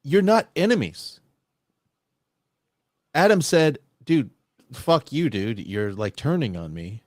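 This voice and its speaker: A man on a casual livestream chat, animated and profane, mocking others with mimicked quotes. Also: mid-range voice, slow, no echo, clean studio sound.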